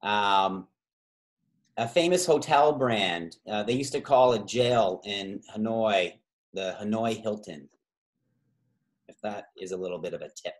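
A man hosting a trivia quiz over a video call, reading out multiple-choice options slowly and drawing out the key words, with chatty asides and quick self-corrections. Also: on the low side. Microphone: video call microphone.

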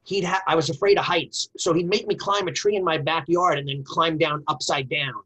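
Middle-aged guy, husky voice, kinda high, tells training stories all fired up. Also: brisk, rough recording. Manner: emphatic, animated storyteller. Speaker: martial arts instructor, guest. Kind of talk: storytelling conversation.

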